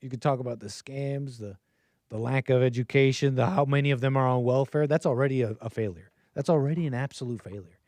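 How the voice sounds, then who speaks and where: A man's voice: mid-range voice, quick pace, a little mellow, no echo. An American man hosting a livestream call-in show, talking in a sarcastic, mocking way. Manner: sarcastic, mocking quoted voices.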